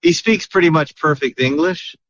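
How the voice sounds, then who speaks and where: A man's voice: fairly high pitch, normal speed, fairly bright tone, no room sound. A man hosting a podcast in a chatty, casual way, with lots of fillers and restarts. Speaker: podcast host. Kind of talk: casual chat. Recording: muffled lo-fi audio.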